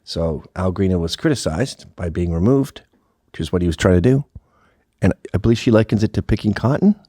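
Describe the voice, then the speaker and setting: A man's voice: sits low, expressive, brisk, warm tone, dry recording, clean studio sound. A man hosting a show, talking through a sarcastic, profane monologue and laughing at his own jokes. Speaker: host. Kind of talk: casual monologue commentary.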